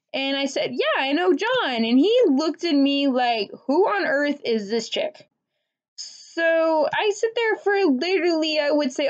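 A young woman casually telling a personal story as a podcast host, chatty and conversational. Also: high-pitched. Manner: chatty, conversational, says "literally" and "like" often. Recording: dull lo-fi recording.

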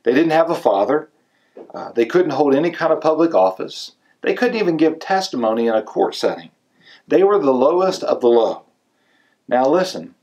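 A man's voice: fairly high pitch, a little mellow. A male pastor preaching a sermon in a conversational way, pushing his voice up to stress key words.

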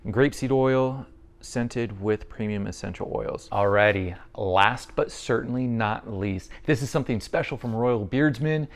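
A man talks through a product review in a relaxed, conversational way. His pitch sits in the middle range for a man. He is friendly and chatty, thinking aloud as he goes. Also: clear, resonant tone.

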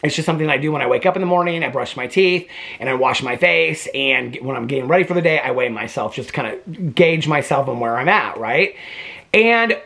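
A man's voice: fairly high pitch, fairly bright tone. A man vlogging from his bedroom at home, chatting casually and rambling, often correcting himself and laughing between words. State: out of breath. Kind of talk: casual chat to camera.

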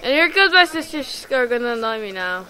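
A woman giving rambling, excitable let's play commentary while gaming, full of ums and restarts. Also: fairly high pitch, a little fast, heavy background noise. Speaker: gamer.

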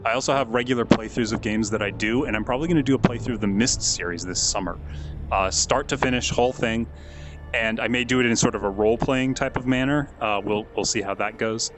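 Male streamer, middle pitch, talks to chat and gets excited at what he sees, via headset mic. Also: fast talker, music in the background. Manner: chatty, thanks chat viewers by name; excitable, easily amazed. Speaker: game streamer. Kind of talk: live game stream commentary.

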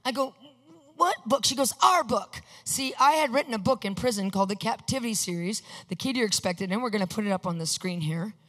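A woman preaching a testimony sermon, telling her story with energy, acting out each exchange and bursting into excited shouts. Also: mid-range voice, fast talker, few pauses. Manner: animated storyteller acting out dialogue. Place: large hall with a screen. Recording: long hall reverb.

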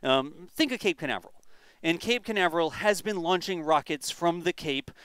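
A man's voice: a little high, animated, moderate pace, a bit bright, clean tone, no echo. A man hosting a casual spaceflight livestream chat, talking animatedly and tossing in rhetorical "right?" questions. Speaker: host.

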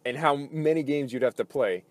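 In a mid-range voice at normal speed, a man hosting a gaming video vents his frustration about a game, swearing and rambling, full of fillers and false starts.

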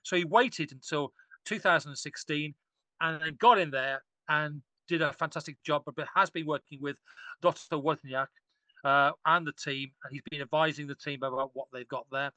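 Guy on a podcast, kinda high voice, dry sound, rambly and excited about digs. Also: normal speed, no room sound. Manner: enthusiastic, rambling with frequent restarts. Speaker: archaeologist guest. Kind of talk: casual podcast discussion.

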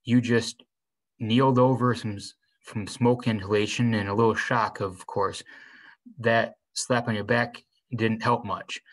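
A man reading the lines of a kindly grown man who calmly reassures a hurt teenager. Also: lowish voice, a little slow, poor audio. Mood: explaining.

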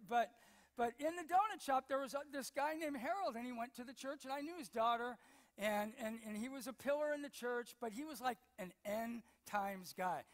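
Older male pastor, high-pitched, anecdotal sermon delivery with repeated words, long church reverb. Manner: storytelling, acts out quotes, repeats words. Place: church sanctuary.

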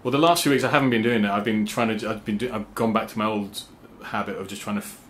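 A man talking casually to his viewers about songwriting, halting with fillers and restarts, and now and then humming rhythm syllables. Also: on the low side, fairly even intonation, fairly bright tone, a little hiss or hum. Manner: sings rhythm syllables to explain meter. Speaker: songwriter and channel host. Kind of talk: casual talk to camera.

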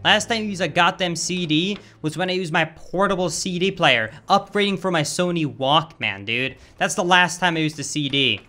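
Fairly high in pitch, this young man talks at a moderate pace with hardly any pauses. Streaming a speedrun with faint game music in the background, he gives live commentary, getting excited, exclaiming a lot, and calling everything "dude."

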